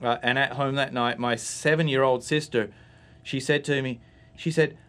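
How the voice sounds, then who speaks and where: A man's voice: medium pitch, steady tone, moderate pace, a bit bright, smooth. A man from Australia, a guest giving a storytelling personal testimony on a church talk show. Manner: storytelling, acts out voices in his anecdotes.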